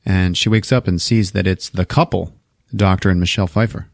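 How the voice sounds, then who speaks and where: A man hosting a podcast, recapping a movie in casual, profane, animated storytelling. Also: deep voice, fairly quick, gravelly, no room sound, studio quality. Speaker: podcast host.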